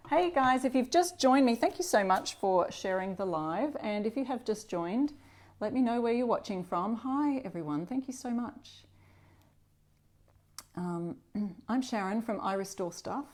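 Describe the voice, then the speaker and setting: Animated and unhurried, a middle-aged Australian woman hosts her upcycling channel's live crafting demonstration in a slightly high, darkish voice. She chats with the audience and greets each newcomer.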